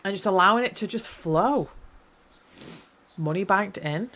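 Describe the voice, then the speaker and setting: A woman's voice: medium pitch, a little slow, a bit bright. A woman hosting a solo podcast, talking in a reflective, encouraging, rambling way and often correcting herself mid-sentence. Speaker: podcast host.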